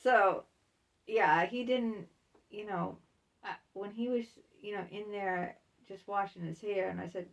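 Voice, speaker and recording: A woman tells a candid personal story straight to camera in a casual vlog. Her voice is gravelly with plenty of vocal fry and sits at a middle pitch. She is chatty and laughs between lines. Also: measured pace, recorded from a distance. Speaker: author and vlogger.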